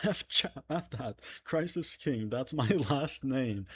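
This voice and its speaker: A man's voice: mid-range voice, a little slow, husky. A man hosting a livestream in casual chat, reading donations aloud with joking asides. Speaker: livestream host.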